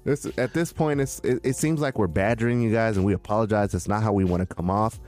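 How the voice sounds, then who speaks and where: A man co-hosting a casual crypto talk show, talking in an animated, preachy way and acting out quotes in a raised voice. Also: lowish voice, quick pace, soft background music. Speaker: crypto podcast co-host. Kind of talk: casual chat.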